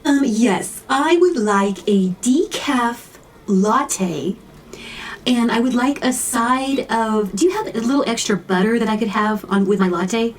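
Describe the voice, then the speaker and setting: A woman's voice: on the high side, a little slow, far from the mic, a little hiss or hum, lightly acted. A woman acting out indecisive coffee-shop customers and a barista in a comedy sketch, ordering with lots of hesitant fillers. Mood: fussy.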